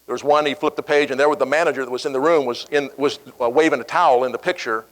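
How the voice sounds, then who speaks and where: Middle-aged guy telling a story to a crowd, mid pitch, jumps up high for the quotes. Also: fast talker, rough recording. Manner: animated storyteller, acting out quoted voices. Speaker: keynote speaker. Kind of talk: storytelling speech.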